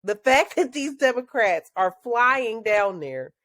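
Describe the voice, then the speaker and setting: Woman, chatty podcast co-host, expressive pitch, dry close mic. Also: takes it slowly, dry recording. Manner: animated, laughing, chatty. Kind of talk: casual chat.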